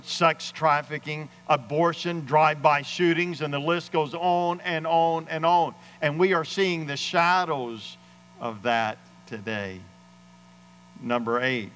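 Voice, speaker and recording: A man's voice: on the high side, fairly bright tone, big-room sound, slight background noise, low-quality recording. A man preaching a sermon as pastor, with emphatic delivery that rises and drops, and acted-out quotes of other people. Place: church sanctuary.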